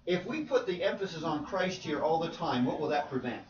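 A man's voice: on the high side, lively intonation, fairly quick, slight background noise. A man preaching to a church class, asking questions and repeating points for emphasis. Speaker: preacher leading a Bible class. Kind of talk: interactive Bible teaching. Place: church meeting room. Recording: roomy, distant, dull sound.

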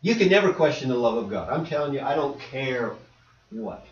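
A male preacher giving a lively sermon and acting out little scenes and voices. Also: medium pitch, a little fast. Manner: animated, acts out voices and dialogue. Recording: echoey hall, distant dull mic.

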